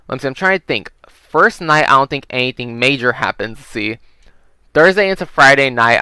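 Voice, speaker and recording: A man's voice: medium pitch, bright, forceful tone, clear, resonant tone, dry recording. A young man casually telling a long story while playing a game, rambling with lots of "you know" and frequent swearing. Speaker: gaming video creator telling stories. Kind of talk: casual storytelling over gameplay.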